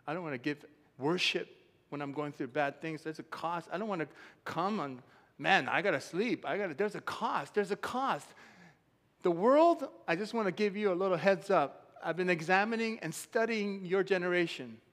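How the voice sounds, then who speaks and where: Hombre predicando con eco de sala amplia. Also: male voice, high-pitched, normal speed. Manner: emphatic, swings to loud shouting. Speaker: pastor. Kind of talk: sermon. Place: church sanctuary. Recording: long hall reverb.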